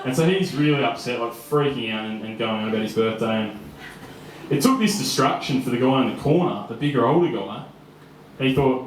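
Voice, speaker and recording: A man's voice: mid-range voice, a little fast, a little hiss or hum. A young man in his twenties with an Australian accent, telling a personal story live on stage in a casual, chatty way with frequent laughs and fillers. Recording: echoey room.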